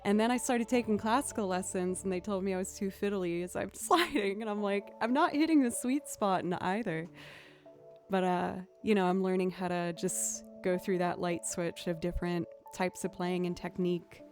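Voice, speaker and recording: A woman's voice: lowish voice, fairly even intonation, moderate pace, few pauses, a little mellow, soft background music. A young adult woman hosting a casual livestream as a violinist, chatty and laughing often as she thanks viewers.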